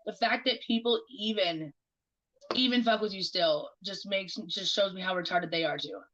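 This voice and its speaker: A woman's voice: medium pitch, moderate pace, a bit bright, poor audio. A woman livestreaming in casual chat, talking bluntly with lots of swearing and mocking remarks.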